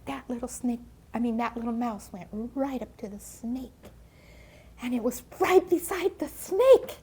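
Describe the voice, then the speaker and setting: Slow, dramatic older woman storyteller. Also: on the high side, expressive, dark tone, a little hiss or hum. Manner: dramatic, with gasps, sighs and drawn-out pauses. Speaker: ministry speaker. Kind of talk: animated children's storytelling. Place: church gathering.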